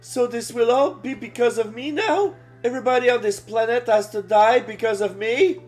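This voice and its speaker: A man's voice: extremely high pitch, normal speed, a little mellow, faint music behind, pitched above the performer's own voice. A man reading game dialogue as a fragile young woman, the last human, with a shaky, pleading delivery. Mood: dismayed.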